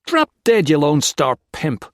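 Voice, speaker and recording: Male narrator doing a high, snarling POW; dry read. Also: very animated, measured pace, no echo, exaggerated voice. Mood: furious. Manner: snarling, spitting insults. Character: volatile American soldier prisoner, screaming.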